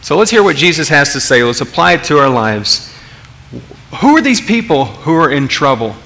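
A man's voice: on the high side, very animated, normal speed, bright, forceful tone. A man preaching a sermon in a conversational way, with many restarts and questions to his audience. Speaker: pastor.

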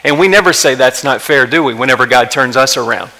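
Brief: male preacher, sermon delivery, emphatic swells and hushed drops, forceful bright tone. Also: mid-range voice, quick pace, poor audio. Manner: impassioned, rising to emphatic peaks then dropping quiet. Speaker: pastor.

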